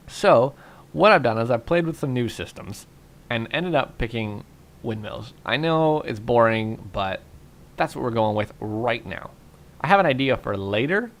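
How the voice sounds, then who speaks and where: A young man narrating a game casually and rambling through his thoughts with lots of fillers, tired and yawning. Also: medium pitch. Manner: relaxed, rambling, thinks aloud with fillers. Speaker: gaming YouTuber. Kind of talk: casual Minecraft commentary.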